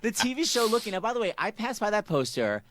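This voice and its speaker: A man hosting a radio celebrity interview, gushing and teasing, firing off quick questions. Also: sits high, very animated, very noisy. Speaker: radio show host. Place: radio studio.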